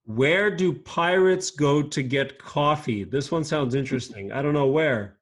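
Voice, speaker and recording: A man patient, encouraging kids' teacher on a video call. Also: on the high side. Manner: patient, encouraging, speaks slowly and clearly to kids. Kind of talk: teaching a children's class online.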